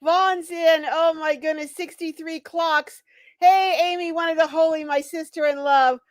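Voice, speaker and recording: A woman's voice: extremely high pitch, steady tone, a little slow, no room sound. Breathless, bubbly woman livestream host. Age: older. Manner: bubbly, exclaims often. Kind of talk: casual livestream chat greeting viewers.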